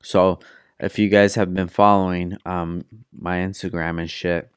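A man with a deep, smooth voice talks in a loose, casual way, stacking slang and curse words into his stories. He laughs easily and keeps the chat relaxed. The sound is dry and close to the mic. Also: measured pace, dry recording. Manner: laid-back storyteller, heavy slang and swearing, laughs often.

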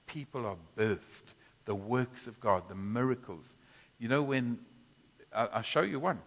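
A man preaching a sermon in a church, teaching from scripture with animated bursts of loud groaning. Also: medium pitch, measured pace. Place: church hall. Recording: long church reverb.

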